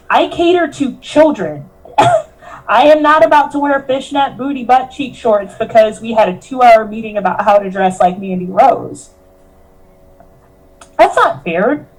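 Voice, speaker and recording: A woman's voice: on the high side, lively intonation, normal speed, poor audio. A woman, a professional wrestler, telling her story in a candid interview, earnest and emotional, often quoting herself and others. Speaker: professional wrestler, podcast guest.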